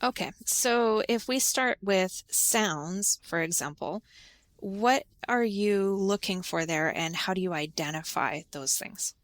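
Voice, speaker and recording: A woman hosting a conversational podcast interview about English pronunciation, asking guiding questions and explaining clearly. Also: mid-range voice, slow pace, dry recording. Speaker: podcast host and English teacher.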